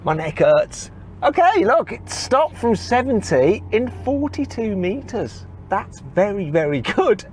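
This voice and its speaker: A man's voice: sits high, big pitch swings, measured pace. A man presenting a car review, talking with enthusiasm and exclaiming as he drives. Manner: enthusiastic, exclaims and laughs while driving. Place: in and around a sports car. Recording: loud engine and road noise.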